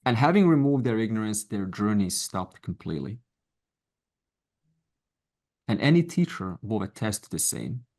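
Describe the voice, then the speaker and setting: A man's voice: medium pitch, a little mellow. A middle-aged man teaching a Vedanta class online, speaking conversationally and encouragingly, with asides and quoted voices. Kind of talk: informal lecture to an online class.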